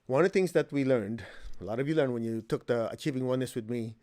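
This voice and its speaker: A man leads a meditation and healing class at a quick pace, his voice a little mellow. Plain-spoken and funny, he puts questions to the class and acts out quotes with sudden high leaps in pitch during this spiritual talk.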